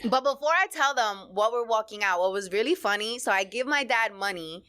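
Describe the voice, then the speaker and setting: Podcast host lady, lively storyteller, laughs a lot, tosses in spanish words. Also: fairly high pitch, fairly quick, clean tone. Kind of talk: casual podcast chat.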